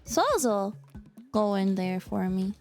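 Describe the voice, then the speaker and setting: A woman streaming a game and chatting casually with viewers. Her voice sounds strained and tired, and she is excitable and apologetic, breaking into loud squeals. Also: medium pitch, takes it slowly, faint music behind. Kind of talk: casual gameplay chat with viewers.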